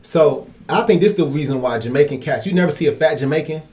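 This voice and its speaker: Podcast host guy, kinda high voice, gets loud and animated telling stories. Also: quick pace, a crowd in the background. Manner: animated storyteller, says "you know what I'm saying" a lot. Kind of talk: casual chat.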